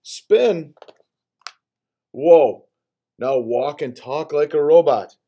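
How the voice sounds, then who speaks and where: A man voicing a bossy, playful male character from a picture book, reading it aloud in an excitable, animated way. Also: fairly high pitch, very slow, pitched above the performer's own voice, exaggerated voice.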